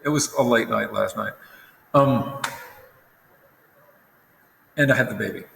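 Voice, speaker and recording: This young man sounds tired and yawns as he rambles through a recorded lesson, frequently correcting himself in a casual way. His fairly low voice is unhurried, a bit bright, with vocal fry. A little hiss or hum sits under the roomy, long-reverb echo.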